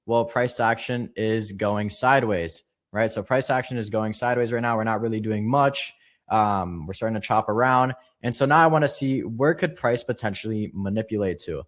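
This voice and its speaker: Fast-talking casual male trading instructor. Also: fairly low pitch. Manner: fast casual explaining with fillers. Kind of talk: live online trading lesson.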